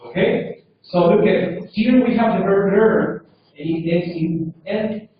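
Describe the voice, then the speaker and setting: A high-voiced man with as his leads a classroom lesson, taking it slowly and checking with the class. He is heard from across a very echoey room on a dull, lo-fi recording. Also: distant mic. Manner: drills pronunciation, checks with frequent "okay?". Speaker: English teacher.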